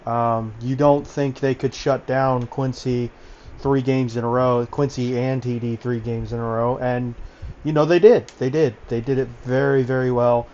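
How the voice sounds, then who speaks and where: A man's voice: medium pitch, little pitch movement, a little slow, a little mellow, muffled recording. A man giving casual basketball analysis over voice chat, talkative and full of fillers. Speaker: basketball commentator.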